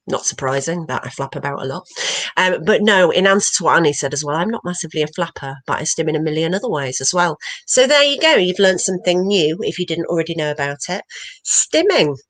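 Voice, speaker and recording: A woman's voice: low voice, a bit bright, rough recording. A woman hosting an online comedy night over a video call, talking casually and hesitantly with many fillers and a self-deprecating manner. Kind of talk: casual live-stream hosting.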